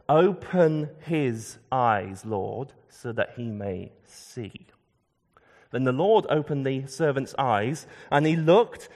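Male preacher, thirties, higher voice with animated pitch, reverberant church hall. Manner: emphatic, dropping low and soft on key words. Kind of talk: sermon. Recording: long reverb of a large hall.

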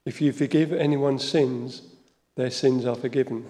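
A man's voice: medium pitch, steady tone, warm tone, close to an everyday voice. A man reading a solemn northern Jesus. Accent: Northern English. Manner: slow, solemn delivery. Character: Jesus risen, calm grown man. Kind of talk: Bible reading in parts. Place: church. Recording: church hall reverb.

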